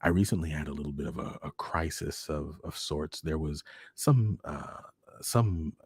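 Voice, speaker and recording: A very deep-voiced man hosts his own livestream and speaks earnestly to his audience. His voice is gravelly and heavily husky, and he often sinks into hushed, half-whispered phrases. The sound is dry and close to the mic. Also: normal speed, no room sound. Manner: earnest, expressive, dips into hushed near-whispers. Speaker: host. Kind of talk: heartfelt direct-to-camera livestream talk.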